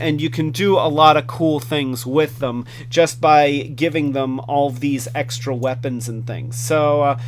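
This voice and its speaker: Man hosting a toy review, slightly high voice, unhurried delivery, faint hum underneath. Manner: enthusiastic, rambling with fillers and restarts. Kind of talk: casual hands-on product review.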